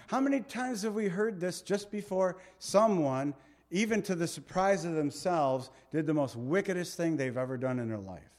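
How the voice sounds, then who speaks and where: A man preaching an expository Bible sermon, his voice sitting slightly high for a man. He tells the story in an animated, conversational way. He slows down deliberately to read scripture and drops his voice low for emphasis. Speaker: pastor.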